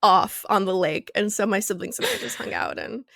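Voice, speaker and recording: A woman's voice: medium pitch, brisk, gravelly, a bit bright, no room sound, clean studio sound. A young woman co-hosting a casual podcast, telling stories in a chatty way with lots of fillers. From Arizona, US. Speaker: podcast co-host. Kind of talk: casual chat.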